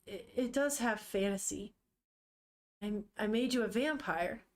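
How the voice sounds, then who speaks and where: A woman's voice: medium pitch, unhurried, voice pushed down, natural voice. A woman reading a manga aloud, voicing a startled young man who stammers in bewilderment. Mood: stunned.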